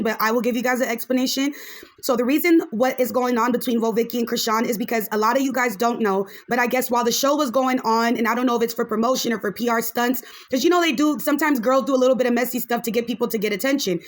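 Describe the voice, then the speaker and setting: A woman hosting a podcast, giving frank, chatty reaction commentary on a video and dropping in a few Spanish phrases. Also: a little high.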